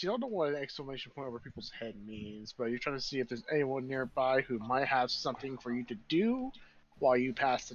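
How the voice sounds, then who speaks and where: A man narrating as game master of a tabletop game, in a casual, relaxed way. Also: medium pitch, dull audio.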